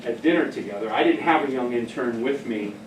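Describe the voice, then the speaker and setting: A middle-aged man giving a casual talk on behavioral care, telling stories in an animated way and laughing often. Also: medium pitch, brisk, slight background noise. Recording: echoey room from far off.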